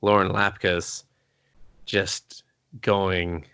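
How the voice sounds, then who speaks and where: A man's voice: sits low, level tone, drawn-out words, sharp tone, clean tone, dry recording. A man co-hosting a casual movie review podcast, recapping scenes in a rambling, profane way full of fillers. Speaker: podcast co-host.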